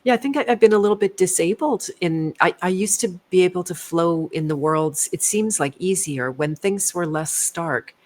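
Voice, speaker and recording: A woman's voice: fairly low pitch, normal speed, few pauses, darkish tone. A woman in casual conversation, telling stories in a reflective, self-mocking way with frequent restarts.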